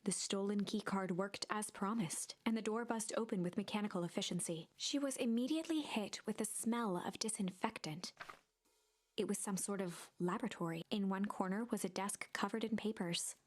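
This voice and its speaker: A woman reading a story game's narration aloud to her viewers. She goes hushed and breathy in the tense stretches. Her voice sits at an ordinary middle pitch. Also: moderate pace. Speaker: streamer reading a story game.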